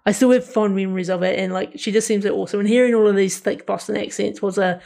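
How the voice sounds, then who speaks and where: A man's voice: sits high, fairly even intonation, fast talker, vocal fry, darkish tone. A man co-hosting a podcast, chatting casually about a film in a rambling way with lots of fillers. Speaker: podcast co-host.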